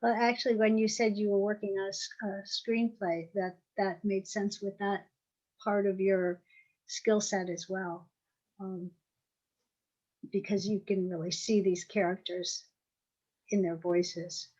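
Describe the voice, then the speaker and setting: A woman moderating an author Q&A, asking questions in a halting way with many fillers. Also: mid-range voice, level tone, a little mellow, dull audio. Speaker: event moderator.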